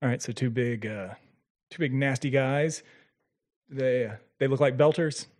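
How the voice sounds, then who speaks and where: A man playing a tabletop game, speaking in character and out, playful and quick to laugh. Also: mid-range voice, a little mellow. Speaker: player. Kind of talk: tabletop role-play.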